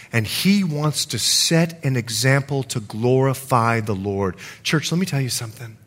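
A middle-aged man preaching a sermon as pastor, telling stories with acted-out quotes. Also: mid-range voice. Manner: storytelling with lively acted quotes.

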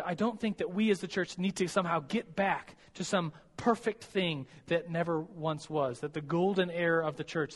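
A man's voice: a little high, long reverb tail. A young man giving a chatty, self-deprecating sermon to college students, giggling and stumbling over his words. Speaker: preacher teaching college students. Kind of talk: casual sermon.

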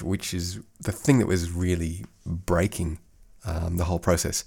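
Podcast host: middle-aged man, faded Australian accent, low gravelly voice, rambling with many restarts, home studio mic. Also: little pitch movement, normal speed, a little mellow. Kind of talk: casual solo podcast monologue. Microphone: studio microphone.

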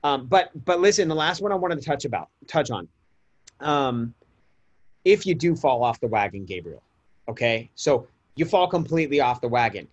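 A man's voice: mid-range voice, expressive, normal speed, highs cut off. A man in his thirties co-hosting a podcast, chatty and talking straight to listeners. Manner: chatty, addresses listeners as guys. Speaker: podcast co-host. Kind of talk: casual podcast chat.

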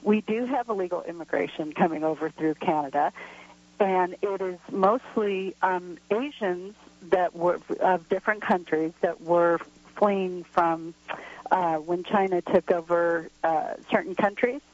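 A woman's voice: fairly low pitch, unhurried. A woman from Washington state calling a radio show, upbeat and confident as she corrects points. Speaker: caller. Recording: dull phone line sound, dry.

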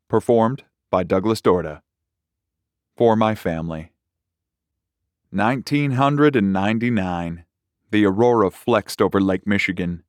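A man reading a horror short story aloud in a measured, unhurried way. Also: on the low side, darkish tone, dry recording, clean studio sound. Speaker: narrator. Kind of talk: scripted horror story narration.

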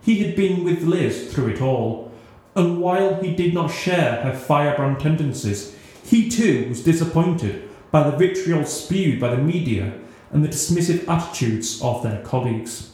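A man narrating a scripted story in a steady, newsreader-like reading, in a very echoey room. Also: fairly high pitch, normal speed.

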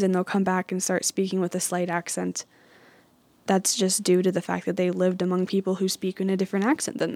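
A woman from the United States explains things in a relaxed, chatty way, shaping each word crisply. Her pitch sits in a middle range for a woman. The sound is close and dry, with no room around it. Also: no room sound. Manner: chatty, laughs at her own jokes; carefully enunciated. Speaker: host. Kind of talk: casual educational talk.

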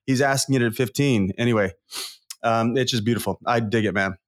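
A guest coach in his forties, from Southern California, speaks briskly in a medium-pitched voice. On this interview show he tells candid personal stories, earnest and emotional, and tends to ramble.

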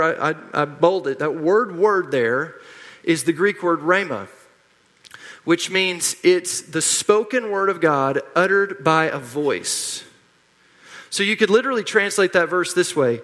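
With a slightly high, fairly bright voice, a middle-aged man delivers a sermon as pastor. His style is forceful and repetitive as he leads call-and-response, and the sound carries a long hall reverb.

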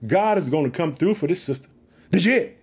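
A man preaching with excitement, reading a Bible story aloud and repeatedly urging listeners to trust God. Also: on the high side, a little fast, breathy edge.

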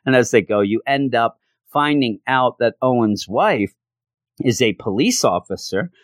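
A man casually recapping a comic plot, rambling through it with lots of fillers. His voice sits at an ordinary middle pitch and is recorded dry and close, with no room sound. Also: expressive, measured pace, dry recording. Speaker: comic book reviewer.

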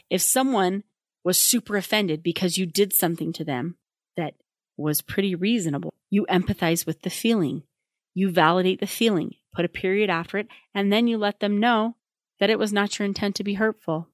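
A woman's voice: medium pitch, moderate pace, no echo, clean studio sound. A woman child therapist talking casually to parents, chatty and acting out the lines she quotes. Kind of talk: casual advice monologue.

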